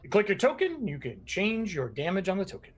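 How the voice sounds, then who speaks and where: A man narrating as game master of a tabletop game, animated and laughing often. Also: high-pitched, a little fast, slight background noise.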